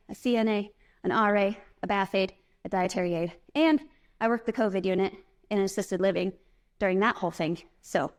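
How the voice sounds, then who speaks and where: A woman giving a live keynote speech from a conference stage, chatty and self-deprecating, laughing often. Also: fairly high pitch. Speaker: keynote speaker.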